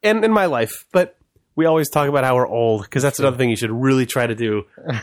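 A man co-hosting a podcast in casual chat, rambling and excitable, laughing often and swearing freely. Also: medium pitch, fast talker, dry recording. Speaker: podcast co-host.

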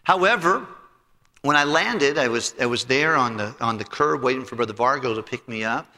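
Middle-aged pastor guy preaching, gravelly bright voice, big hall echo. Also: mid-range voice, normal speed. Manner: animated, acts out both sides of a conversation. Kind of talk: sermon storytelling. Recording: long hall reverb.

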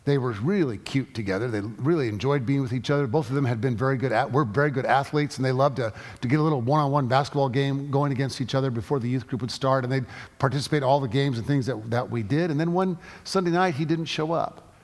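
Middle-aged pastor, storytelling sermon, mid-range voice, long hall reverb. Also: male voice, medium pitch, a little mellow. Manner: storytelling, halting with frequent restarts.

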